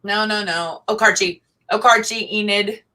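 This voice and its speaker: A woman's voice: mid-range voice, fairly even intonation, takes it slowly, bright, forceful tone, rough recording. A middle-aged woman, chatting animatedly as a guest and laughing often. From Oklahoma. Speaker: guest singer-songwriter. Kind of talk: casual interview chat.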